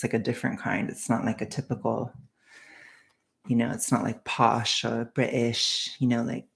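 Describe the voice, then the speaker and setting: Brief: rambling woman streamer, gravelly fry in her voice, chatty with whispered ASMR bits. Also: rumbling low. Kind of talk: casual chat with ASMR whispering.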